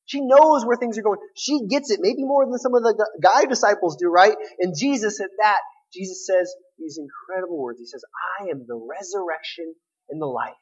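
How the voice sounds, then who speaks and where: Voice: medium pitch, a little fast, hardly any pauses, darkish tone, breathy edge, muffled recording. A preacher giving a sermon, retelling a scripture story in an emphatic, conversational way.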